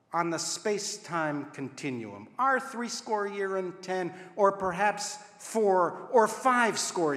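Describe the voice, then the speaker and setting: A rabbi delivers a contemplative sermon, weighing each phrase and letting it hang before the next. His voice sits fairly high for a man and moves at a slow, deliberate pace, with the occasional wry aside. The sound rings out in a roomy space with a long, trailing reverb. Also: pushed and bright. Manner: measured, deliberate, with long pauses between phrases. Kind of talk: reflective sermon. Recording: echoey room with long reverb.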